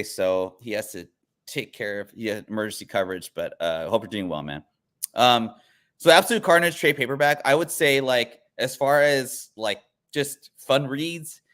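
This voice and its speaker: A man's voice: mid-range voice, a bit bright. Rambling, casual male comic host. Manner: rambling, frequent filler words and restarts. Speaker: comic book channel host. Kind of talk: casual chat.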